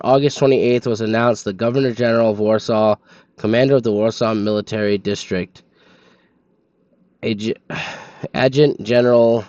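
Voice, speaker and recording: A drowsy man reads game documents aloud to his stream, tripping over hard names as he goes. His voice sits at a middle pitch, with a dry, slightly dull lo-fi sound and no room echo. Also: a little mellow. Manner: stumbles over names, sleepy and yawning. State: sleepy.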